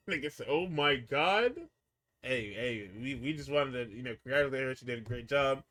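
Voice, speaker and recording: A man's voice: mid-range voice, moderate pace, a bit bright. A man co-hosting a podcast, recapping wrestling in casual, profane chat, acting out quotes and laughing often.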